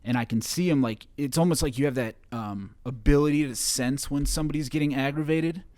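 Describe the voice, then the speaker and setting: A young man from Chicago, a guest on an interview show, recounting a personal story in a halting way with many fillers and restarts. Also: mid-range voice, darkish tone, no echo.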